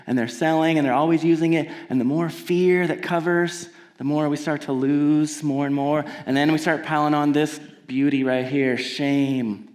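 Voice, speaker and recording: A man's voice: a little high, steady tone, moderate pace, few pauses, darkish tone. A man from Washington telling stories on a theater stage in a conversational, playful way that builds to emphatic points. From Washington, USA. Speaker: singer-songwriter telling stories between songs. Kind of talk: live stage storytelling. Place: theater stage before an audience.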